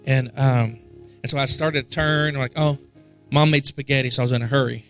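A man's voice: mid-range voice, steady tone, fairly quick, fairly bright tone, soft background music. A man preaching at a worship service. He tells a story in a casual, conversational way and often repeats himself for emphasis. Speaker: pastor. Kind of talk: sermon. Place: church service.

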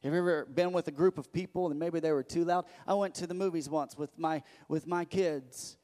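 A man preaching a sermon as pastor, emphatic and repetitive, building to loud declarations. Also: a little high, steady tone, a little fast. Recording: echoey hall.

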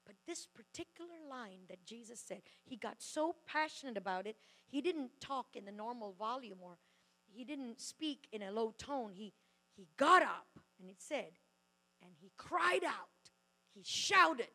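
A woman preaching a sermon in a church hall, loud and fervent, with quick asides and restarts. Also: on the high side, animated.

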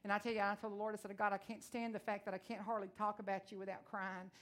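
Woman, Texan accent, preacher, loud and blunt, emotional, folksy storytelling. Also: medium pitch, little pitch movement, fast. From Texas, USA. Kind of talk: sermon.

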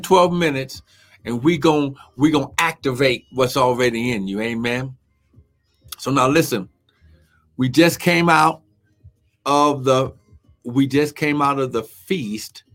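A man's voice: medium pitch, fairly bright tone. A man preaching a live-streamed sermon, fervent and full of "amen" and "glory" exclamations, who talks to viewers while looking up his verses.

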